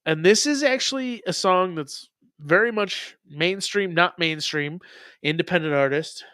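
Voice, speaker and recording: A man's voice: sits high, a little slow, sharp tone, no room sound, studio quality. A man in his thirties hosting a casual live stream, rambling and profane with many ums. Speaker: streamer host reacting to music.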